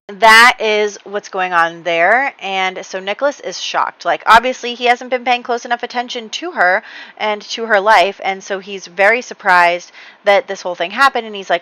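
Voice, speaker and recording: A woman's voice: mid-range voice, pushed and bright, smooth, dry recording, rough recording. A woman hosting a game channel, telling the story of her play session in a casual, chatty way with many fillers and light laughs.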